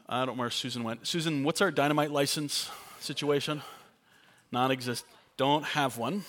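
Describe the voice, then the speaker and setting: Young male pastor, sermon delivery, earnest and chatty with light humor, middle pitch. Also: moderate pace, a bit bright. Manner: earnest, conversational, with playful asides.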